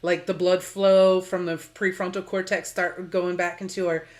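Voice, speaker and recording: A woman's voice: fairly low pitch, level tone, moderate pace. A woman co-hosting a podcast in casual chat, explaining ideas with psychology terms. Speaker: podcast co-host.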